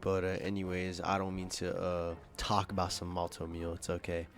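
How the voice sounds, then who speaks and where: Low-voiced young man rambling over gameplay. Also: monotone, moderate pace, soft background music. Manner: rambling, profane, with frequent fillers and restarts. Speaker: gaming video creator. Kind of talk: casual gameplay commentary. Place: home, at his computer.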